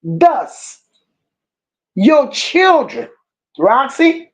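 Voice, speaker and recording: A woman hosting a commentary stream, talking in a slow, emphatic and scornful way and stopping to read viewer comments aloud. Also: mid-range voice, lively intonation, a little mellow. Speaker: commentary channel host. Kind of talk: unscripted livestream rant.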